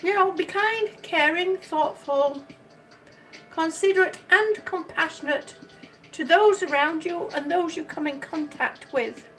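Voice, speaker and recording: High-voiced older woman, rambling storyteller. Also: a little slow, a bit bright, distant mic, faint music behind, rough recording. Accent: mixed American Southern and Midwestern. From Miami. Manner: chatty storyteller, rambling with restarts. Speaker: vlogger. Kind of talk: casual chat.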